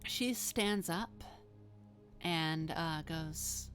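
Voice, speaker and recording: A woman narrating a tabletop role-playing game as game master, in a relaxed, unhurried way. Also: lowish voice, soft background music. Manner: relaxed, unhurried, frequent uh fillers.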